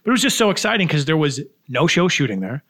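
A man's voice: fairly high pitch, very animated, fast talker, fairly bright tone. A man from Chicago, a comedian and TV writer, telling stories in a loose, rambling way, swearing and laughing as he talks. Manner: rambling storyteller, swears, laughs mid-sentence. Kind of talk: casual podcast chat.

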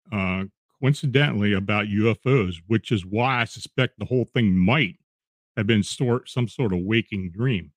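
A man reading eerie true accounts aloud in a steady, measured storytelling voice, with the odd restart. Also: on the low side, no echo. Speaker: narrator reading paranormal accounts.

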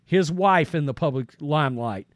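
A man with a high voice hosts a sports podcast and speaks bluntly and casually. He reads out quotes, then jumps in with his own opinion. The recording is dry and close, with no room sound. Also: animated, normal speed, no echo.

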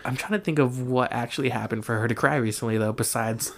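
A man's voice: mid-range voice, fast talker, fairly bright tone. Young male podcast co-host, casual, exasperated dad telling stories. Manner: exasperated storytelling, quotes his daughter. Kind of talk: casual chat.

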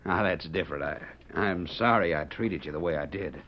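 An actor playing a wary, easygoing frontier homesteader in a 1940s radio play. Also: male voice, sits low, moderate pace. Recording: dull old radio recording with faint hiss.

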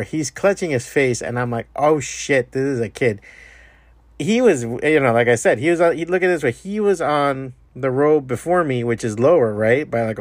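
Male podcast host, gravelly, mid pitch, rambling and profane. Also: no echo. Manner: profane, rambling, animated storyteller. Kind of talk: casual monologue storytelling.

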